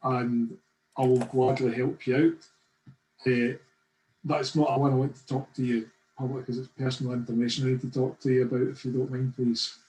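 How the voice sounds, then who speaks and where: A man's voice: mid-range voice, flat delivery, moderate pace, a little mellow, echoey room, slight background noise, rough recording. A middle-aged man with a Scottish accent, leading a teacher-training webinar and telling anecdotes in a chatty way, often checking in with "right?". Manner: chatty storytelling, frequent "right?". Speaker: course leader. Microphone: video call.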